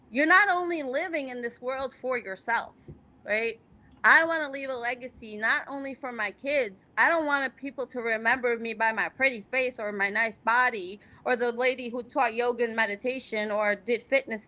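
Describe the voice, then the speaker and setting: A woman's voice: a little high, pushed and bright. A middle-aged woman from Afghanistan, a guest in a candid interview, speaking with passion and repeating phrases for emphasis.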